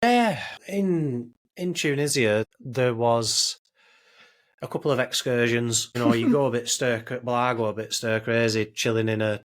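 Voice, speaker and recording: A man's voice: medium pitch, a little slow. A man, co-hosting a podcast, telling travel stories in casual chat, swearing freely and acting out quoted lines. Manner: animated storyteller, swears freely, acts out quotes. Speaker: podcast co-host.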